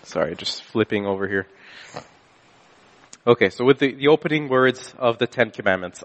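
A man preaches in a relaxed, chatty way, catching himself and restarting his sentences as he goes. His voice sits at an ordinary middle pitch. The sound rings with the long reverb of a large hall. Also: normal speed, long pauses. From Canada. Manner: casual storytelling with frequent restarts and self-corrections. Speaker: pastor. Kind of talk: conversational sermon with a personal story.

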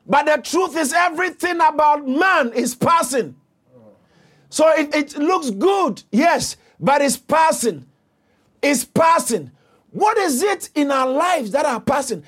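A man preaching a sermon, impassioned and building to shouts, repeating phrases for emphasis. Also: very high-pitched, lively intonation, slow.

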